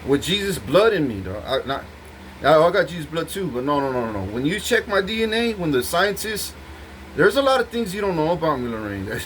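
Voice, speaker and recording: A man's voice: fairly high pitch, sing-song, brisk, a bit bright, slight background noise, rough recording. A man talking to the camera in an intense, rambling monologue full of swearing, speaking straight to his partner. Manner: intense, profane, rambling, addressing a partner directly.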